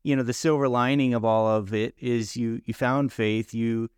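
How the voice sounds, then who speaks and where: Smooth-voiced male interviewer. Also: mid-range voice, steady tone, normal speed, dry recording, studio quality. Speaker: podcast host. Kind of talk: interview questions.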